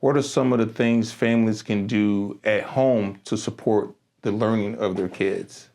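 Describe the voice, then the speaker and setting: A middle-aged man hosting a podcast interview, an animated storyteller who laughs often and repeats his words as he talks. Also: fairly low pitch, measured pace, gravelly. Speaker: podcast host. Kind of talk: casual interview chat.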